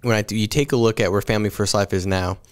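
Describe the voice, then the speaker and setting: Low, smooth-voiced male podcast host. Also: fairly even intonation, quick pace. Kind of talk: casual interview chat.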